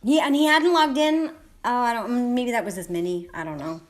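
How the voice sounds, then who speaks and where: A woman's voice: on the high side, normal speed. A woman hosting a casual game livestream, chatting with friends, laughing often and reading the chat aloud. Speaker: livestream host and clan leader.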